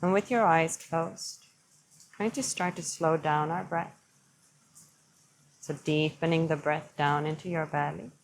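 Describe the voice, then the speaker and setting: A woman's voice: low-pitched, slight background noise, rough recording. Soothing woman guiding a yoga class. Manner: slow, gentle and soothing. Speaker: yoga teacher. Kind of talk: guided yoga instruction.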